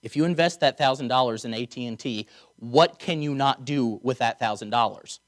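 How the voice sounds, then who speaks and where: Guy giving a chapel sermon, chatty, drops wry jokes, slows way down on the key words. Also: mid-range voice. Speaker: preacher. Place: chapel or auditorium.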